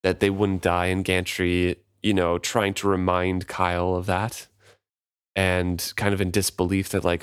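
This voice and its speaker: A man co-hosting a book podcast, reading passages aloud and talking them over in a relaxed way. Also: low-pitched, a little slow, clear, resonant tone, dry recording, studio quality. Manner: relaxed, thinks aloud with restarts. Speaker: podcast co-host. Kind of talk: casual book discussion and read-aloud.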